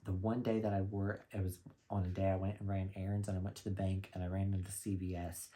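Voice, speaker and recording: A young man reviewing perfumes in a casual, blunt and animated way, cursing freely. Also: sits low, fast talker, slight background noise. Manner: opinionated, blunt and animated, with swearing and laughs. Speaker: fragrance reviewer.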